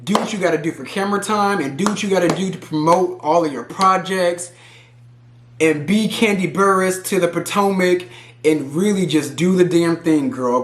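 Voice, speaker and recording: A man from Houston giving animated, opinionated reality TV commentary, talking straight to the viewer in a casual vlog. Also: high-pitched, moderate pace, roomy sound. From Houston, Texas. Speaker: pop culture vlogger.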